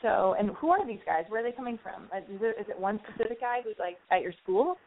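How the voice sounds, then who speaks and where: A woman's voice: medium pitch, lively intonation, fast talker. Chatty woman host on a tinny line. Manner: chatty, acts out scenes with quoted voices. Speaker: advice show host. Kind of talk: casual advice chat. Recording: tinny phone-like sound with faint noise.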